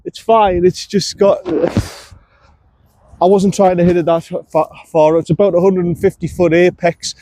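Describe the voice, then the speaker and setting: A man's voice: high voice, mellow, dry recording. A man, chatting casually to the camera as he plays a round of golf outdoors and coaches himself between shots. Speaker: golf vlogger. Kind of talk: casual on-course commentary.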